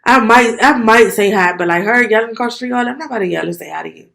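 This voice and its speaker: A woman's voice: fairly high pitch, racing, gravelly, fairly bright tone. A young woman co-hosting a podcast, telling stories in blunt, profane casual chat. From DMV area, US. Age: young adult. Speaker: podcast co-host.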